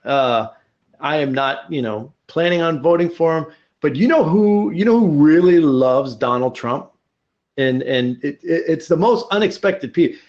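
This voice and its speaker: A man co-hosting a podcast in casual, joking chat, rambling and animated. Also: a little high, moderate pace, dull audio. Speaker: podcast co-host.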